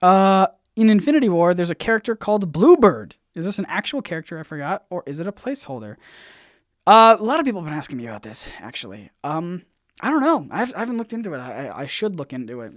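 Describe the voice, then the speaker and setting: A man's voice: high voice, sing-song, dry recording, studio quality. Rambling man answering chat questions. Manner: rambling, halting, lots of fillers and restarts; swings in loudness, bouncy. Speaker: YouTube channel host. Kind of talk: casual livestream Q&A.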